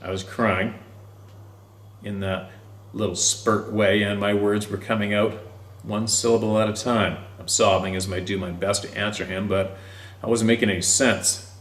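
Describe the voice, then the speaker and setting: A man with a lowish voice reads a first-person story aloud. He takes it slowly and deliberately, drawing out his pauses. The sound is echoey, as though he is in a bare room. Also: flat delivery, a bit bright. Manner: slow, deliberate reading with drawn-out pauses. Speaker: story narrator. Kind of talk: scripted narration of a first-person encounter story.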